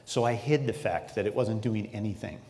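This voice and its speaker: A man preaching a sermon, telling a personal story in an earnest, animated way. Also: lowish voice, fairly quick, big-room sound.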